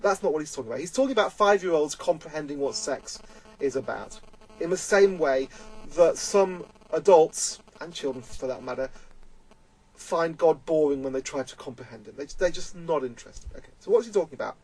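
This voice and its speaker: Earnest man, fairly high voice. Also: lively intonation, brisk, a little mellow, husky, rough recording. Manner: earnest and emphatic, repeating points. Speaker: vlogger. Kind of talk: casual spoken commentary.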